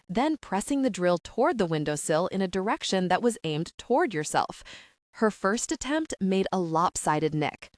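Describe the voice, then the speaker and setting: A woman narrating a young-adult audiobook in an animated, characterful storytelling manner. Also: mid-range voice, no echo, clean studio sound. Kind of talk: scripted narration.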